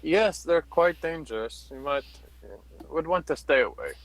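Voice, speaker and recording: A man's voice: on the high side, lively intonation, a little slow, fairly bright tone, poor audio. A man speaking in character as a player in a tabletop game, polite and hesitant, with many fillers. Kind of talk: in-character tabletop role-play.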